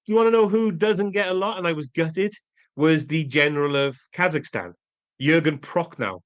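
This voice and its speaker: A man co-hosting a casual film podcast, excitable and jokey, drifting off on tangents. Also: on the high side, moderate pace. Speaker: podcast co-host.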